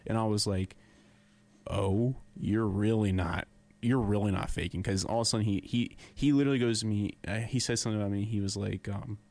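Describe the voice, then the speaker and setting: A man's voice: fairly low pitch, steady tone, brisk, darkish tone. A young man co-hosting a podcast, telling a story in a casual, laughing way. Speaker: podcast co-host. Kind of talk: casual chat.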